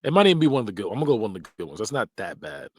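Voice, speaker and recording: Male podcast host, animated and slangy, big swings in pitch, dry close sound. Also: racing, slightly rough, no room sound. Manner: animated, laughs often, repeats phrases in mock voices; slangy, blunt. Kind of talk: casual tier-list commentary.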